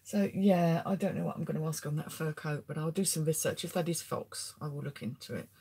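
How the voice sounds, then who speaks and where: Middle-aged English woman, friendly resale vlogger with a slightly gravelly edge and some faint background noise. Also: low voice, brisk, warm tone. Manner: chatty, answers viewer comments, chuckles often. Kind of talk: casual live-stream chat, showing items.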